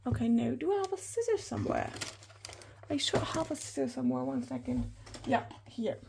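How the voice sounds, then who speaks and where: Gushing high-voiced woman vlogger. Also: fairly quick, creaky, a little hiss or hum. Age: 30s. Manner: gushing and excitable, often addressing viewers. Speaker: planner hobby vlogger. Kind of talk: unboxing haul chat.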